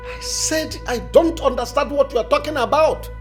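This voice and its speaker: A man's voice: wildly swooping pitch, measured pace, soft background music, exaggerated voice. An actor playing a stern, commanding king who scolds his servants and snaps at his son. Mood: defensive. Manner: scolding, imperious, swings from shouts to low mutters. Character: stern commanding male king, quick to threaten. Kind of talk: period drama acting.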